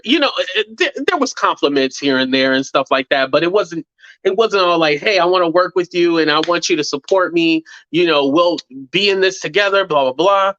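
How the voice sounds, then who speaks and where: A man's voice: sits high, normal speed, no echo, lo-fi sound. A man hosting his own commentary channel, talking casually and animatedly to viewers, with profanity and acted-out quotes. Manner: animated, acts out quotes in mocking voices; profane, conversational, says "blah, blah". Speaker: YouTube commentary host.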